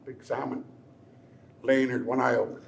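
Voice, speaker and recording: A man's voice: medium pitch, fairly even intonation, moderate pace, vocal fry, slight background noise. An older man, a tribal elder, telling a traditional story in a playful, chuckling, teasing way. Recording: echoey room, faint ambience.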